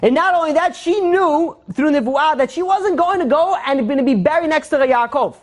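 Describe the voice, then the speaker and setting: A woman's voice: sits high, brisk. A woman with a Brooklyn Jewish accent teaching an informal Torah class, conversational and full of restarts and fillers.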